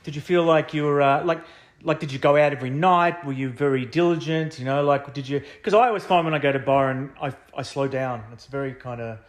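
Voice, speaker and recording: A man's voice: on the high side, a little fast. Chatty man interviewing. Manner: chatty, loose questions with fillers. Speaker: interviewer host. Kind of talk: casual interview.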